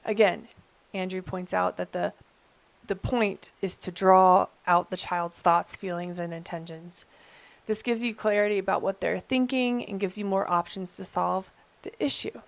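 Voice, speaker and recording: Gravelly-voiced woman explaining calmly. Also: fairly low pitch, dry recording. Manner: calm, earnest, measured explaining. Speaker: channel host. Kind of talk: explainer video talk.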